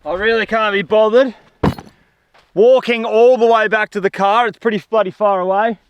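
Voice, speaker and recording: Excitable high-voiced Australian man vlogging. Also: normal speed, dull audio, noisy background. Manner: chatty, slangy, excitable. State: tired. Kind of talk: casual outdoor vlog talk. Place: outdoors in desert dunes and scrub.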